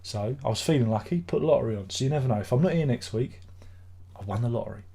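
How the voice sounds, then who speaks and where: Exasperated, husky man grumbling. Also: mid-range voice, animated, fast, dark tone. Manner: exasperated grumbling, swearing, rambling. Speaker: live-stream host. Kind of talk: casual live-stream chat.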